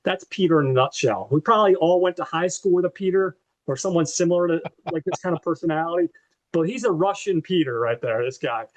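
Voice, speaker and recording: A man's voice: on the high side, fast. A man co-hosting a podcast, animatedly retelling a movie plot in a casual, profane way with lots of fillers. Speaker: podcast co-host.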